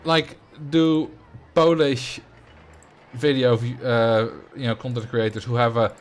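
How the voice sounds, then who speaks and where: With a mid-range, fairly even voice and a slow delivery, a man from the Netherlands talks conversationally on a stream in a Dutch accent, pondering things aloud as he goes.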